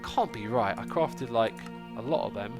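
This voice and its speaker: A man's voice: medium pitch, animated, normal speed, faint music behind. A man with a stuffy, congested nose hosting a casual gaming livestream, chatting and thinking aloud as he plays. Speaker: livestream host.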